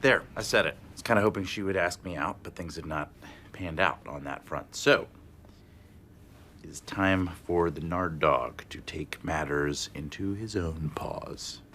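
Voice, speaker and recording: A man's voice: low voice, a little slow, sharp tone, a little hiss or hum. A man in a sitcom, an office worker talking in a goofy, rambling, eager way. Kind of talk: sitcom dialogue and to-camera asides.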